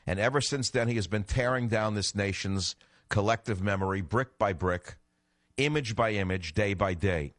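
A middle-aged man hosting a political talk radio show, combative and emphatic, swinging from low muttering to loud outbursts. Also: moderate pace, no echo, clean studio sound.

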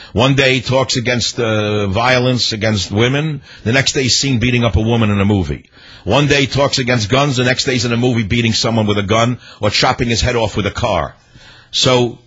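Indignant, husky radio talk host. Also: male voice, medium pitch, fairly bright tone. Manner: indignant, rhetorical, hammering repetition. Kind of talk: political radio commentary. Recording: dull lo-fi radio broadcast.

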